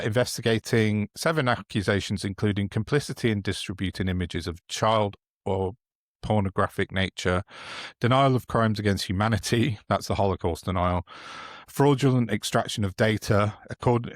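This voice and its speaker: A man's voice: on the low side, brisk, dry recording, studio quality. A man co-hosting a casual political podcast, sardonic and chuckling often. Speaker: podcast co-host.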